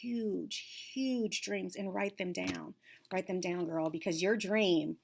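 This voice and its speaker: Woman facilitator, encouraging coach to young girls, whispers for emphasis, slight vocal fry. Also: fairly low pitch, fairly even intonation, unhurried, a little hiss or hum. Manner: warm, upbeat, coaching, drops to whispers for emphasis. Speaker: lead facilitator for girls' self-esteem class.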